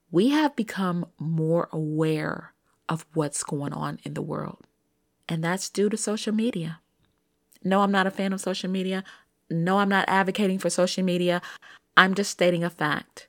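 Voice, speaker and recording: A woman's voice: lowish voice, moderate pace, dry recording, clean studio sound. A middle-aged woman telling a story in a chatty, emphatic way, asking rhetorical questions, as a podcast host. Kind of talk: casual storytelling monologue.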